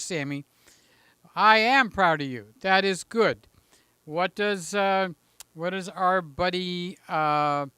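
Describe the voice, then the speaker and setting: A man's voice: high-pitched, sharp tone, smooth, no echo. A man hosting a casual live stream from home, talking in a chatty, jokey way and reading out the chat, a little out of breath, holding a handheld mic. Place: room in his house.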